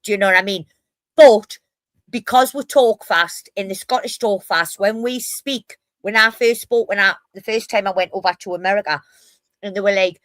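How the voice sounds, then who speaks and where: A woman from Newcastle with a Geordie accent, chatting casually as a co-host, fast-talking, blunt and full of swearing. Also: mid-range voice, fairly bright tone, no echo. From Newcastle, England. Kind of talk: casual chat.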